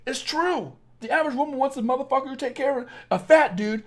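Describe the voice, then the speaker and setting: A man's voice: very high-pitched, quick pace, hardly any pauses. A young man with a Southern Illinois accent, a dating coach talking bluntly and profanely on a late-night livestream.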